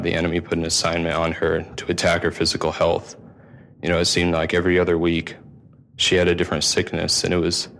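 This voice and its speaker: A young man sharing his testimony at a conference with a nervous, halting delivery. His voice sits very low and stays flat and even. He speaks softly, with frequent ums and restarts. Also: slight background noise. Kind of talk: personal testimony talk.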